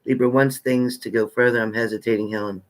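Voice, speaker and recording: A man's voice: medium pitch, fairly even intonation, fast. A man hosting a live tarot stream, chatting casually and greeting viewers by name with familiar terms like honey.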